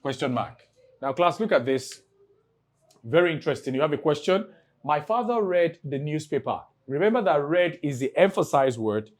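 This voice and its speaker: Male tutor, a bit high-pitched, emphatic classroom delivery, drills exam questions with the class. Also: lively intonation. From Nigeria. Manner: drawn-out emphatic reading of example sentences; addresses class with rhetorical questions. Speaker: teacher. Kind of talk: exam-prep English lesson.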